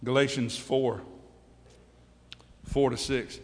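A man's voice: on the high side, expressive, measured pace. Emphatic preaching man in echoing hall. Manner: emphatic preaching with call-and-response questions. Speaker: pastor. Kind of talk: sermon. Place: church sanctuary. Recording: long hall reverb.

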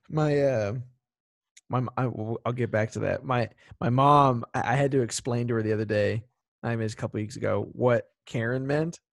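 In clean studio sound with no room sound, a male podcast co-host with a creaky, medium-pitched voice chats casually at a moderate pace. He tells animated stories and acts out the people he quotes.

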